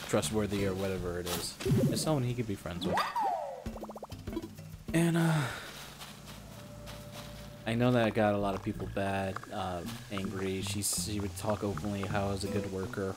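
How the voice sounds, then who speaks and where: A young man telling a story from his old job while streaming a game, rambling, swearing a lot and repeating himself. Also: lowish voice. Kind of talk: casual storytelling while gaming. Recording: loud background music.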